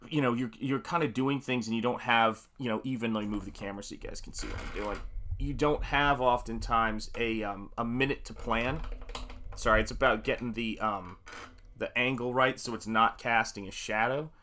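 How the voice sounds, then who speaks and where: A bright, forward-sounding man hosts a casual live stream from his home art studio while he paints. He greets viewers by name with upbeat energy. Between greetings he rambles along loosely, full of fillers. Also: medium pitch, steady tone, normal speed, a little hiss or hum. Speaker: livestream host and painter.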